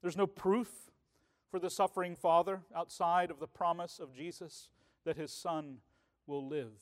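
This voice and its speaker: A man's voice: a little high, steady tone, measured pace. A man preaching a sermon as pastor, in a conversational way that keeps checking in with the congregation. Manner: conversational preaching, often asking "right?".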